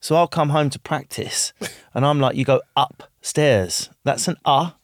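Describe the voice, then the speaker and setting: A man's voice: on the high side, steady tone, a little fast, vocal fry, no echo. Chatty male podcast host, dry sound. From Essex. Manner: chatty, asks questions, jokey anecdotes. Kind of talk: casual podcast interview.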